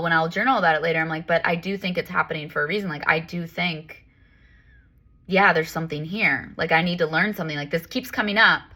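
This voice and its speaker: A woman life coach and yoga teacher chatting casually. Her voice sits a little low but sounds bright and forceful. She rambles candidly, stacking up fillers as she goes. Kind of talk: casual spiritual talk.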